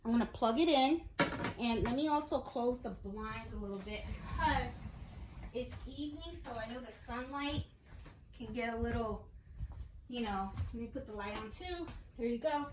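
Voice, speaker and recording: A woman's voice: fairly high pitch, normal speed. A woman hosting a casual crafting how-to vlog from her home craft room, chatting to viewers and often checking in with an "okay?". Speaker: crafting channel host. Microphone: camera on a tripod. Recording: echoey room, faint noise.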